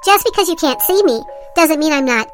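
A woman voicing an unseen ghostly woman in a spooky intro clip, with a breathy, teasing delivery. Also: high-pitched, expressive, a little fast, soft background music. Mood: taunting.

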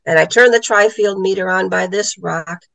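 Gravelly woman telling a story. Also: mid-range voice, normal speed, no room sound, poor audio. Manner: animated storyteller acting out quoted voices. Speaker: guest, author and psychic medium. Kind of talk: casual storytelling interview.

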